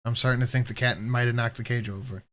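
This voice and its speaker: A man co-hosting a casual reaction stream, jokey and animated, thanking viewers as he goes. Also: medium pitch, fast. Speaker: livestream co-host.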